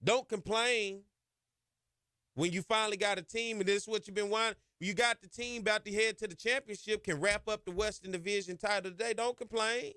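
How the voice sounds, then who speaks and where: On a sports podcast, a male host delivers a fired-up monologue, emphatic and colloquial, peppered with "y'all" and "ain't." His voice sits high with a steady tone, brisk, pushed, and bright, and it's captured clean and dry in the studio.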